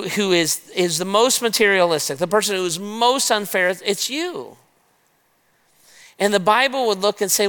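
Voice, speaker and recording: A man preaching a sermon, retelling a scripture story in a lively way and talking straight to his listeners as "guys". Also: sits high, clear, resonant tone. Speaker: pastor. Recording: long reverb of a large hall.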